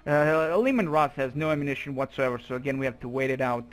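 A man's voice: mid-range voice, quick pace. A young man giving profane, exasperated running commentary while playing a strategy game. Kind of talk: let's play commentary.

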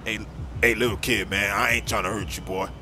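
A man voicing a gruff grown man on the street who sternly warns a kid off the block, in heavy slang. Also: fairly low pitch, steady tone, a little fast, sharp tone, a little hiss or hum, pitched below the performer's own voice. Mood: shooing.

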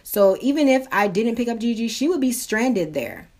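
A woman's voice: a little high, moderate pace. A young woman in her twenties, a beauty vlogger chatting casually through a storytime while doing her makeup, acting out the voices of the people she quotes. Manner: animated, acts out quoted voices.

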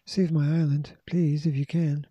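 A man's voice: on the high side, flat delivery, a little slow, warm tone, husky, no room sound, muffled recording. A man voicing a determined, anxious tomboy girl who speaks urgently and pleads, in a storybook reading.

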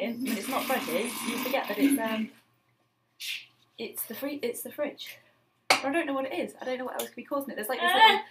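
A woman's voice: on the high side, very noisy. A woman, a parent chatting candidly and rambling in a casual home vlog, recorded indoors on a handheld camera. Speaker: parent vlogger.

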